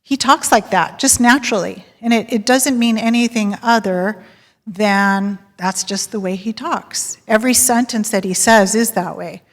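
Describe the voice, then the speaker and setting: A woman speaking from a stage, telling stories and polling her audience, with frequent laughs. Her voice is of middling pitch. The sound carries a long reverb tail from a large hall. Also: normal speed. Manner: lively storyteller, polls the audience and laughs often. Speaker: sales director giving a talk. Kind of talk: live presentation to an audience.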